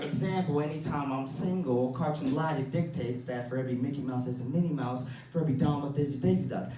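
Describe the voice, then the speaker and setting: A young man from Baltimore performing a stand-up comedy set, animated, swinging between low asides and loud shouted bits. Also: roomy sound, distant mic. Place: comedy bar stage.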